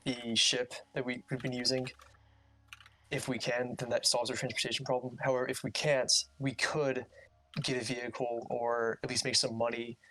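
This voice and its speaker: A man in a tabletop game session, laying out his group's options in a plain, matter-of-fact way. His voice is mid-pitched and stays flat and even. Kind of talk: casual tabletop game chat.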